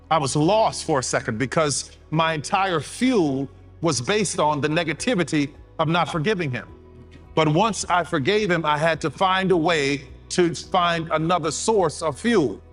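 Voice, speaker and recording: A man delivers a motivational speech in a storytelling, sermon-like manner. His voice sits slightly on the higher side, and he hammers home key words by repeating them. Faint music plays behind him. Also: a bit bright. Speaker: motivational speaker.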